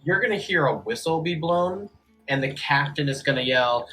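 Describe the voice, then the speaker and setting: A man's voice: a little high, lively intonation, moderate pace, bright, forceful tone, faint music behind. A man running a tabletop game as game master over voice chat, explaining rules plainly and apologizing for interruptions.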